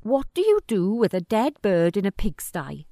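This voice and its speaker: A woman voicing a crude male brother with a Welsh Valleys accent who shouts, in a storybook reading. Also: medium pitch, sing-song, moderate pace, dry recording, studio quality.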